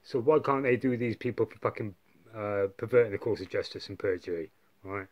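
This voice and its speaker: Sweary low-voiced man rambling. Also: fairly quick, dull audio. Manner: rambling, heavy swearing, many fillers and tag questions. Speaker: vlogger. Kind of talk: casual monologue.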